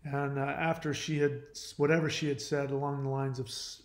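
In a reverberant space, a man with a mid-range, level voice talks briskly and with hardly any pauses. He's the host of his own channel, confiding earnestly and casually in the viewer while often restarting and trailing off.

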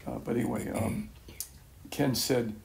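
Older guy telling his faith story to a small group, gravelly voice, keeps restarting and chuckling. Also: medium pitch, steady tone. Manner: rambling, halting, with many restarts and soft chuckles. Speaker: speaker at a church gathering. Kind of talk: casual spoken testimony.

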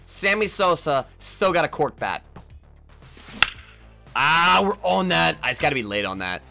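A young man giving live, trash-talking commentary on his own baseball video game, jumping between low mutters and sudden yells. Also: big pitch swings, a little slow, gravelly, music in the background. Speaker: gaming YouTuber.

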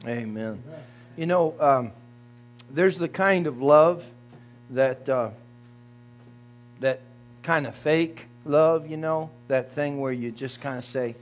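Folksy pastor with a higher voice. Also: male voice, slow pace, long pauses, soft background music. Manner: folksy, addresses congregation directly. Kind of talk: sermon.

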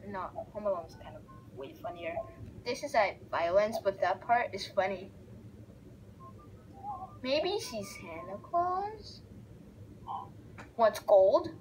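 Excitable woman gamer narrating gameplay; lively, unhurried delivery. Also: medium pitch, a little hiss or hum, poor audio. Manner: excitable, reacts loudly and narrates the on-screen action. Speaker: gaming video creator. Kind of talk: casual let's-play commentary.

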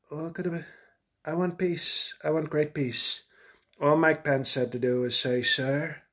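A man's voice: medium pitch, natural voice. A man doing a comedic impression of a boastful older male ex-president who rambles and repeats himself. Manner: rambling, repetitive, self-aggrandizing.

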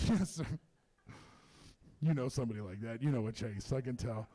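A man performing a stand-up comedy set in a comedy club, telling stories in an animated, profane way. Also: medium pitch, moderate pace.

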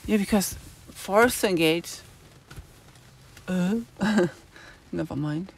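A woman's voice: lowish voice, takes it slowly, creaky, slight background noise. A woman hosting a live stream, musing in a rambling way and stopping often to search for words. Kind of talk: casual live-stream monologue answering chat.

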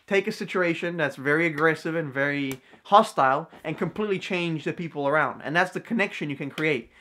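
A man's voice: on the high side, fairly quick, bright, forceful tone, slight background noise. Brief: young male vlogger, light voice, loose slangy storytelling full of fillers. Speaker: vlogger and card magician. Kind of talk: casual storytelling to camera.

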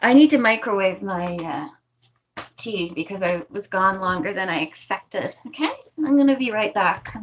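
A woman reads a novel aloud at a middling pitch. She stops now and then for chatty asides to her listeners. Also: animated, moderate pace, slight background noise. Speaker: reader. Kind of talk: casual book reading aloud.

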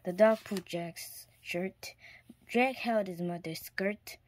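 A woman reading a children's picture book aloud in a clear storytime manner, now and then dropping to a whisper. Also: mid-range voice, slow pace, darkish tone, no room sound. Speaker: storybook reader.

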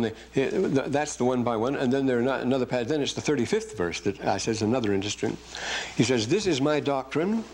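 A man's voice: a little high, darkish tone, a little hiss or hum. A man giving a classroom scripture lecture. He reads verses aloud with emphasis, then rambles and corrects himself while hunting for verse numbers.

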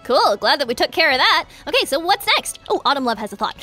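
A woman hosting a game playthrough, commentating in a bubbly, excitable, giggly way. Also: high voice, fast, faint music behind. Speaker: gaming video host.

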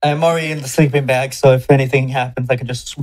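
A man's voice: mid-range voice, fairly even intonation, fast talker, a little mellow. Joking man at a tabletop game. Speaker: player. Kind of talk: casual tabletop game play.

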